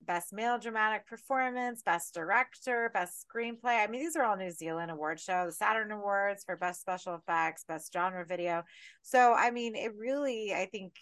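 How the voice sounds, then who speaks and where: A woman co-hosting a horror film podcast, talking casually with lively, profane rants. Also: mid-range voice, moderate pace, clean tone, no echo. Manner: animated, profane, ranting. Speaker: podcast co-host.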